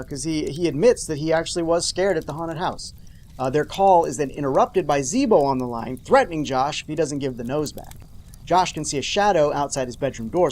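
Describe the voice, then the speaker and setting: Sarcastic recap host, comedic commentary, lively swooping pitch, mid-range voice, mock-dramatic asides. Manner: jokey asides to viewers. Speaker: show host.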